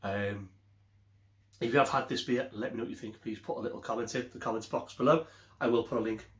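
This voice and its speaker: A man's voice: medium pitch, fairly even intonation, rapid-fire, fairly bright tone. A man casually reviewing a beer on his vlog, rambling and often correcting himself. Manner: rambling, self-correcting, chatty. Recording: echoey room.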